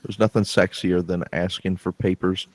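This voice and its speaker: A man's voice: deep voice, flat delivery, moderate pace, no echo. A man hosting a casual podcast chat, wry and joking, swearing now and then. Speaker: podcast host.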